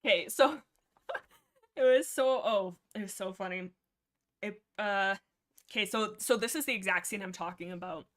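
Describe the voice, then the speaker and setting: Bright, rambling young woman. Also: medium pitch, normal speed, long pauses. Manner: rambling, excitable, lots of fillers. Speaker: livestream host discussing books. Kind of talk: casual book discussion with read-aloud passages.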